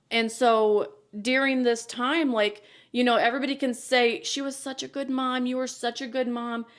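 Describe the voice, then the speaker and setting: A woman in her thirties hosting a podcast, talking candidly and earnestly in a casual chat. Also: a little high. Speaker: podcast host.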